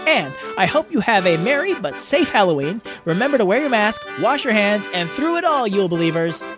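A man's voice: high-pitched, sing-song, brisk, music in the background. A man co-hosting a podcast, rambling goofily through his own outtakes and mocking himself. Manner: goofy, self-mocking, rambling. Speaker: podcast co-host.

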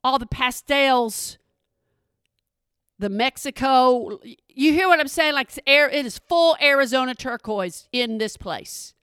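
A woman's voice: sits high, expressive, a little slow, a bit bright, clean tone, no room sound, clean studio sound. A woman from Texas with a Texan accent, telling a chatty story and asking again and again if you hear her. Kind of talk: storytelling monologue.

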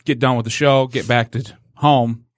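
A man spinning a story on a podcast, slipping into slow, menacing voices when he quotes himself. He sounds close and dry, with no room around him. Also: mid-range voice, fairly even intonation, dry recording. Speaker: podcast guest. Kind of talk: casual storytelling.

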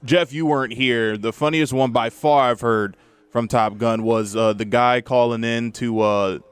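Man, smooth resonant voice, hesitant, close and dry. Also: medium pitch, steady tone, a little slow, no room sound. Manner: hesitant, with fillers. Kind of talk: casual chat.

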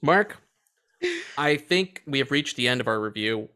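Movie podcast guy, swears a lot, jokey, lively up and down voice, bright. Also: medium pitch, unhurried, clear, resonant tone. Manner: animated, profane, joking. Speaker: podcast co-host. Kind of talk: casual chat.

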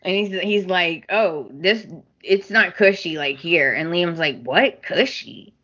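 A woman's voice: on the low side, expressive, slow, fairly bright tone, breathy edge, highs cut off. A woman co-hosting a podcast, chatting about soap opera episodes, laughing often and quoting the characters. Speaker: podcast co-host. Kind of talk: casual soap opera recap chat.

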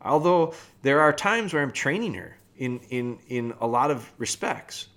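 A man hosting a podcast, explaining puppy training in a relaxed, conversational way, with fillers and restarts. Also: medium pitch, a little slow. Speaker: podcast host and dog trainer. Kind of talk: casual podcast talk.

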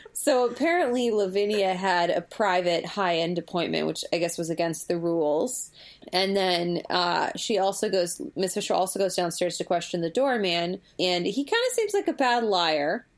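A woman's voice: on the low side, expressive, moderate pace. A woman co-hosting a casual podcast, recapping a TV episode with playful, jokey asides. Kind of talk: casual chat.

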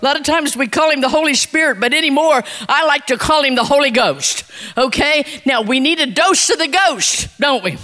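A preacher giving a folksy, emphatic sermon that repeats key phrases and swings sharply in pitch. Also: moderate pace, sharp tone.

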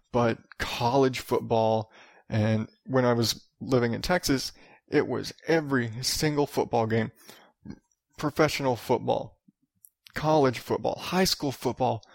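A man in his thirties rants and rambles on his own podcast, swearing freely. His voice sits in a middling pitch with a rough, gravelly edge. The sound is dry and close, with no room around it. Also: dry recording. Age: 30s. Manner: profane, rambling, ranting. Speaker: podcast host. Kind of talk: solo podcast rant.

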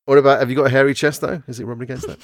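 A man's voice: medium pitch, steady tone, racing, no echo, studio quality. A man from England hosting a podcast in casual, profane, joking chat. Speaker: podcast host.

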